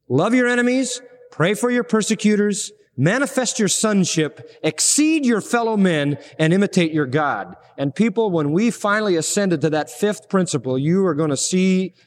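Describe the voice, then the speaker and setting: High-voiced preacher in a reverberant hall. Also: male voice. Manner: emphatic preaching, rising to stress key words. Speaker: pastor. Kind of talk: expository sermon.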